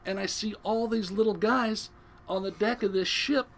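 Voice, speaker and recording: A man's voice: sits high, normal speed. An older man, a retired commercial fisherman, telling a sea story as a podcast guest, acting out the voices of the people in it. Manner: animated yarn-spinning, acts out quoted voices. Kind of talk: casual storytelling.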